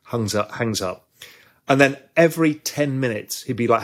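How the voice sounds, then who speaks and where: Husky man telling a trading story. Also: medium pitch. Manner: animated anecdote-telling, quick asides. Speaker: guest, former trader. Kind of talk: storytelling interview.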